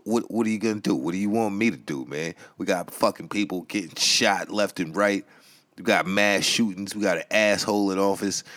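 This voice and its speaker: A man's voice: deep voice, no room sound. A middle-aged man hosting a podcast, delivering a crude, mocking rant full of insults and sometimes mimicking callers in a whiny tone. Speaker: podcast host. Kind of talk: profane comedic rant.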